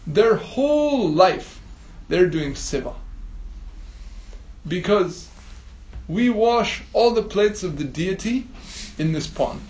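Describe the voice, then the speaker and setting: A man speaking as a calm temple caretaker who patiently explains himself. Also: high-pitched, slow, pauses often, echoey room, full character voice, low-quality recording.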